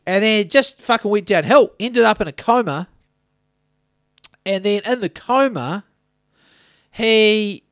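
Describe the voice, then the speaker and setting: High-voiced man telling stories. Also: fairly bright tone, clear, resonant tone, no room sound, studio quality. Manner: rambling, swearing anecdotal storyteller. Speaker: podcast host. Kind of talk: casual podcast chat.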